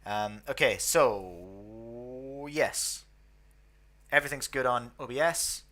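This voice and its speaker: Bright-voiced Scottish man commentating. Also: mid-range voice, slow pace. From northeast Scotland. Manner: chatty, self-deprecating, thinks aloud. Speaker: host. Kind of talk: casual live commentary.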